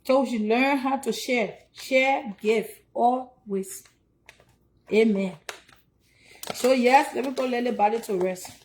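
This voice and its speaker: High-voiced Liberian woman streaming. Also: slow pace, a little hiss or hum. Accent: Liberian English. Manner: chatty and preachy, urging donations. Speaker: livestream host. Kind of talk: casual livestream chat.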